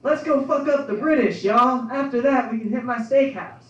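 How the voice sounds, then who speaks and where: A man's voice: extremely high pitch, moderate pace, pitched above the performer's own voice. A man voicing a rowdy, swaggering male general rallying his troops in an echoey room. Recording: echoey club room, distant dull mic.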